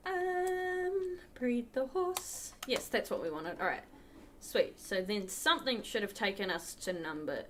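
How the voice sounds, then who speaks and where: Playing a game at her computer, a charity livestream host talks casually with her viewers and the chat. She speaks a little slowly in a high, sing-song voice with a fairly bright tone. Slight background noise can be heard.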